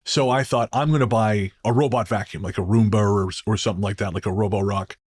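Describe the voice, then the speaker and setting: A man's voice: on the low side, steady tone, fast talker, darkish tone, breathy edge. A man hosting a podcast in a casual, joking, storytelling way. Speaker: podcast host.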